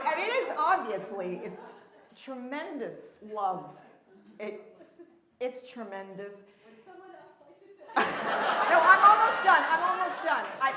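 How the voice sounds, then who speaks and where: A woman with a fairly high pitch does a live comedy bit as a therapist, effusive and flustered, rambling and starting over again and again. Her handheld stage mic in the temple event hall catches a roomy sound, with the audience making noise and laughing.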